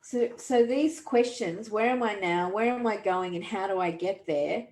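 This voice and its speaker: A woman's voice: mid-range voice, measured pace, darkish tone. A woman, a podcast host and coach, talking earnestly and reflectively with frequent restarts. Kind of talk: conversational coaching talk. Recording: roomy echo.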